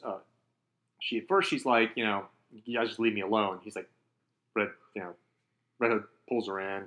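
A man co-hosting a casual comic book podcast, animated, laughing often and acting out quotes. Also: medium pitch. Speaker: podcast co-host.

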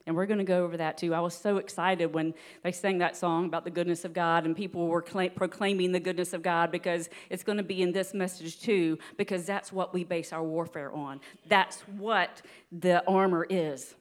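A woman giving a sermon in an earnest, steady teaching manner, with light laughs now and then. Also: fairly low pitch, normal speed, hardly any pauses. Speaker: preacher.

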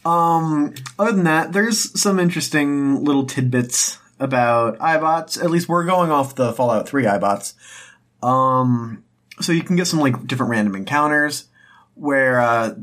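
A young man co-hosting a podcast in casual chat, relaxed and wry, filling his talk with ums and likes. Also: medium pitch. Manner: relaxed, dry self-deprecating humor. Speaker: podcast co-host.

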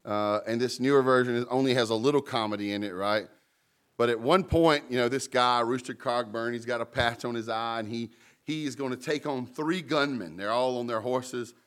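A man preaching in a church, telling stories and paraphrasing scripture in a relaxed, conversational way. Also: medium pitch, normal speed, smooth. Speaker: pastor. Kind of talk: sermon.

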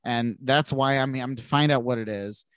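A nasal-voiced man co-hosts a podcast, rambling casually through comic book recaps with many restarts. His voice is medium in pitch at a normal speed, and the recording is dry.

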